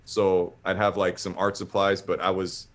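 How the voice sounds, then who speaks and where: A man's voice: low voice, monotone, moderate pace. A man telling a long casual story, rambling with lots of filler words.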